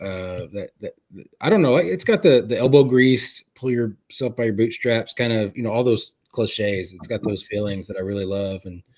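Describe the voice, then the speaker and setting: A man with kids, a guest chatting casually on a live stream, talking in halting bursts with many restarts. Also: fairly low pitch, darkish tone. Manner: halting, lots of restarts and fillers. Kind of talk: casual chat. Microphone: live stream setup.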